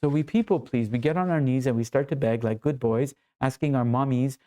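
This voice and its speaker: A man's voice: medium pitch, a little fast, dark tone. A man coaching other men, talking earnestly and with emphasis in short phrases. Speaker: men's coach. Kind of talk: motivational teaching talk.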